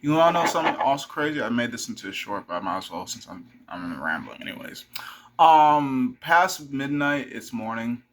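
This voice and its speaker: A man's voice: mid-range voice, very animated, normal speed, slight background noise. A young man rambling casually to camera, swearing freely and talking to his dog between thoughts. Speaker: vlogger.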